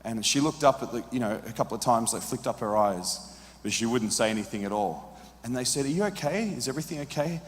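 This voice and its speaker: A man's voice: medium pitch, animated, fast talker. Impassioned male preacher in a reverberant hall. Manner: impassioned, rising to loud urgent peaks; drops to hushed quiet in tender moments. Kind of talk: sermon storytelling. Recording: long reverb of a large hall.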